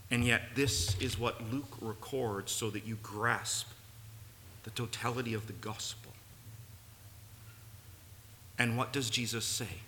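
A pastor preaches an earnest sermon in a church sanctuary, building to emphatic peaks. His medium-pitched voice is pushed and bright, and he takes it slowly with frequent pauses. Long reverb and faint room noise fill the recording.

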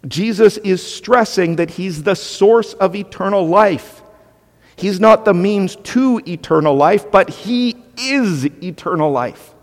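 A male pastor delivers a sermon with emphatic, conversational energy, breaking into asides to his listeners. His voice sits a little high for a man. The sound carries the long reverb of a church sanctuary. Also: expressive, slow.

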